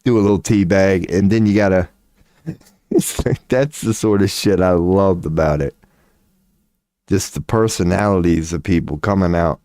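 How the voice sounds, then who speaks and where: A man's voice: low-pitched, moderate pace, pauses often, dark tone, no echo, clean studio sound. A man hosting a livestream, chatting casually and rambling with swearing and laughter. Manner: profane, laughing, rambling storyteller. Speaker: livestream host.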